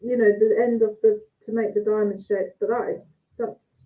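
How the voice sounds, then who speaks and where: A woman talks her way through a cheese tasting, chatty and thinking aloud as she cuts and samples. Her voice sits at an ordinary middle pitch. It comes through a thin, phone-like video call line. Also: level tone, normal speed. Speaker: cheese judge. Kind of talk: casual judging chat over a video call. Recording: tinny phone-like call audio.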